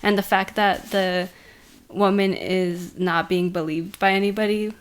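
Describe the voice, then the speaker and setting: A woman co-hosting a podcast, retelling a horror episode in a casual, animated way with lots of "like". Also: medium pitch. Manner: animated retelling, says "like" often, quick laughs. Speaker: podcast co-host. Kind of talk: casual chat.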